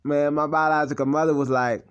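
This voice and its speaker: A man's voice: fairly high pitch, level tone, brisk, clean tone, dull audio. A young man talking in a blunt, rambling, profane personal monologue as a channel host.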